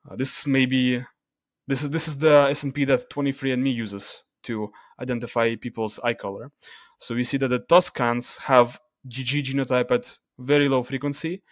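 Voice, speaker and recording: A man talking through charts in a casual screen-share video, loose and halting, with restarts and fillers as he reads the numbers. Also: mid-range voice, level tone, fairly bright tone, dry recording, clean studio sound. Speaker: video creator.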